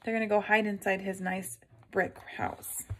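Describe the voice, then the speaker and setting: A woman reading a picture book aloud to children, gently stopping to ask her listeners questions. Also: mid-range voice, little pitch movement, normal speed.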